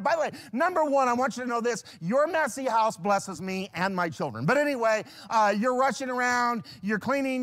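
Male pastor, high voice that leaps around, animated sermon delivery. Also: a little fast, hardly any pauses. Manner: animated, swings from hushed to loud; acts out little scenes in quoted voices.

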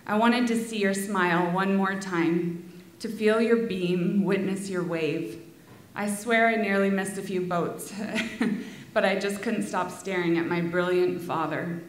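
A woman reading a heartfelt memorial tribute to her father, with soft laughs between lines, in a school auditorium. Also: mid-range voice, steady tone, measured pace. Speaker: daughter giving a eulogy. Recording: echoey hall.

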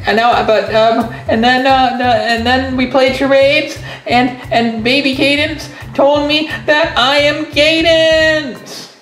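A woman voicing a flustered male pony prince, stammering and excitable in a toy skit. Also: sits high, slow pace. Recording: roomy echo, faint music.

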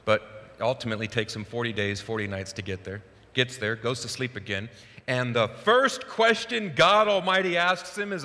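Male pastor, animated sermon storyteller, forceful voice, long church reverb. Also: mid-range voice, moderate pace. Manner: animated storytelling, acts out Bible quotes. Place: church sanctuary.

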